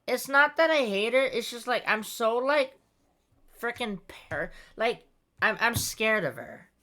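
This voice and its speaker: A woman's voice: a little high, expressive, a little slow, pushed and bright. A woman hosting a podcast in casual chat, rambling with many fillers and frequent laughter. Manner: giggly, rambling, lots of fillers. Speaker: podcast host.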